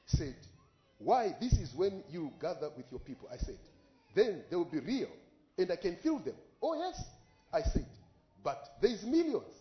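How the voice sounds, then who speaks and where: A man preaches in a fairly high voice, telling his story with passion and crying out on the exclamations. The recording is dull and lo-fi, and his words ring in a roomy echo. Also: big pitch swings, normal speed, faint music behind. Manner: impassioned storytelling, voice rising in exclamations. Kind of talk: sermon with live interpretation.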